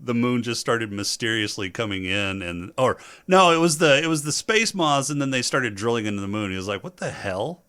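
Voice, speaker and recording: Podcast cohost guy, bright sharp voice, pitch jumps all over, swears while arguing. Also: lively intonation, fairly quick, few pauses, clean tone. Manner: argumentative, profane. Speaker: podcast co-host. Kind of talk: casual podcast banter.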